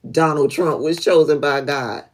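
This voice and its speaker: Slow-talking, blunt livestream host woman. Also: low voice. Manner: blunt, profane, laughing, talks to chat viewers by name. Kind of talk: casual livestream commentary.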